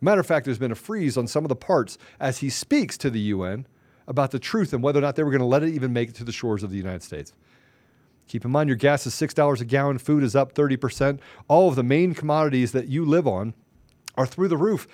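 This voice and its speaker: A man's voice: medium pitch, lively intonation, fast talker, darkish tone, no room sound. A man hosting a political talk show, delivering fervent, ranting commentary full of rhetorical questions.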